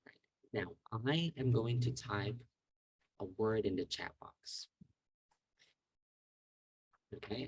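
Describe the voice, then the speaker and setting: A man with a slightly husky voice leads an online English class, calling on students by name and repeating words slowly so they can copy them. The sound is dry and close to the mic, as on a video call. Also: fairly low pitch, a little mellow, no room sound, poor audio. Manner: patient, drills words slowly for pronunciation. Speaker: English teacher. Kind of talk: online language lesson.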